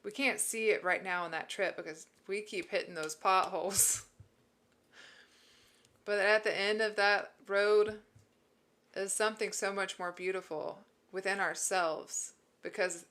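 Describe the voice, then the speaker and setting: At a moderate pace, a woman with a steady mid-range voice hosts a live stream, answering chat and offering warm encouragement about mental health. Her emotion shows, and she is teary throughout.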